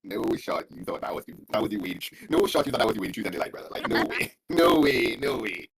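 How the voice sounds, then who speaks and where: A man's voice: lowish voice, animated, very fast, a bit bright, slight background noise. A man joking in casual stream banter, incredulous and teasing.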